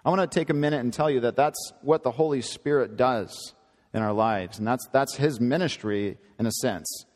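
A man's voice: mid-range voice, normal speed, darkish tone, in a large hall. A man preaching a sermon in an earnest, emphatic teaching manner, often repeating and correcting himself.

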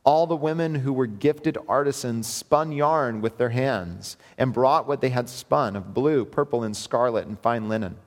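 A man's voice: mid-range voice, a little slow, hardly any pauses. A man preaching a verse-by-verse sermon in an earnest, emphatic way, often repeating his phrases. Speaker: pastor. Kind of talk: expository sermon. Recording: long hall reverb.

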